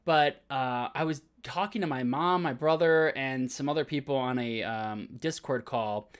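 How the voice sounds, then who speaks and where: A man co-hosting a gaming podcast, talking in casual, excited, rambling bursts. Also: mid-range voice, moderate pace, clear, resonant tone. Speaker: podcast co-host. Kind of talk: casual chat.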